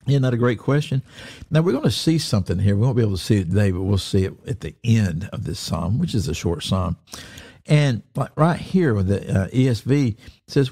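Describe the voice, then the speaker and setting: A man giving devotional Bible teaching, earnest and repeating key phrases, reading verses slowly and deliberately. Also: fairly low pitch, lively intonation, mellow, breathy edge. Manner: reads scripture slowly and deliberately.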